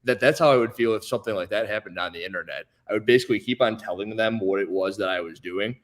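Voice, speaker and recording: A man's voice: lowish voice, quick pace. Stammering man telling a story. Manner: storytelling, acts out other people's voices; stammering restarts. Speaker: podcast guest. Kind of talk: casual chat.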